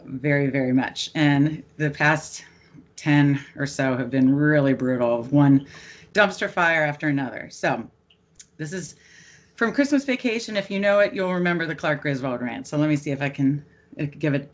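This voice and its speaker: Chatty middle-aged woman podcast host. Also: low-pitched. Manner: chatty, self-deprecating. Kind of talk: casual sports podcast chat.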